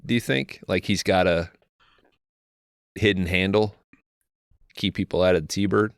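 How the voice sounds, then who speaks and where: A man's voice: deep voice, fairly even intonation, a little slow, gravelly, clear, resonant tone, no echo, studio quality. A man co-hosting a podcast, making joking, profane wisecracks in casual chat. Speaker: podcast co-host.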